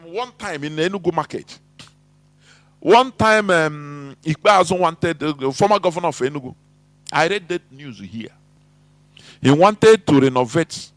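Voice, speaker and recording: A Nigerian man giving a fiery political monologue, full of rhetorical questions and halting restarts. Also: fairly high pitch, no room sound. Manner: halting with restarts and repeated words. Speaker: activist commentator.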